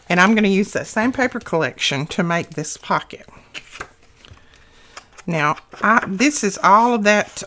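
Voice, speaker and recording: A woman's voice: mid-range voice, fairly bright tone. A woman hosting a casual craft tutorial, talking through each step in a chatty, homely way with small asides.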